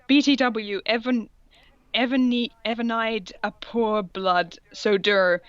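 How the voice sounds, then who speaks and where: A woman's voice: on the high side, fairly even intonation, takes it slowly, no echo, muffled recording. A woman co-hosting a podcast, reading fan fiction aloud and stumbling over its odd words with comic disbelief. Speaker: podcast co-host.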